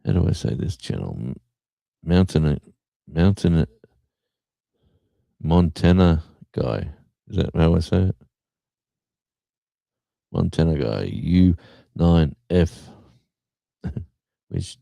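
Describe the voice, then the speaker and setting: Man, livestream host, very deep voice, gravelly, dark tone, rambling casual chat. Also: no echo. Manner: rambling, chatty, full of fillers.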